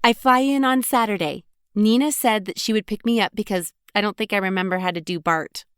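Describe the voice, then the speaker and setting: A woman's voice: mid-range voice, fairly quick, clear, resonant tone, no echo, studio quality, voice pushed up, natural voice. A woman reading an audiobook, voicing a chatty, blunt young college woman who talks in casual slang and teases her friend. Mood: lively. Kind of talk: audiobook character voice.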